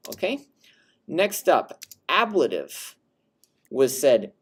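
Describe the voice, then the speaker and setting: A man's voice: medium pitch, sing-song, slow pace. A man teaching Latin in a recorded lecture, patiently explaining and demonstrating rising and falling intonation on example phrases.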